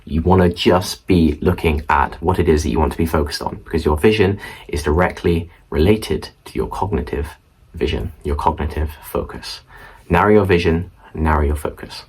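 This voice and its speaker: Young man, low-pitched, breathy-husky, casual vlog explainer, chatty asides, indoor room. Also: normal speed, darkish tone, rough recording. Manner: chatty, repeats points, asides to viewer. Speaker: student study vlogger. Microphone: camera mic facing viewer.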